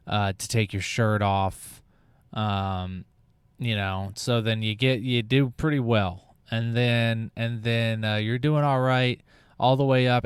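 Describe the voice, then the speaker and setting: A male podcast host who talks slowly through a sarcastic, rambling comedic monologue. His voice is smooth and clear, recorded close on a mic in a dry space with no room sound. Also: mid-range voice, no echo. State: out of breath.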